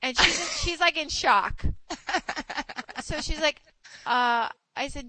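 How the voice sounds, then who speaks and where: A woman in her forties hosting a casual chat, telling stories in an animated way and acting out quotes. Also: high-pitched, slow, long pauses, low-quality recording. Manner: chatty, animated storytelling with acted quotes. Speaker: host.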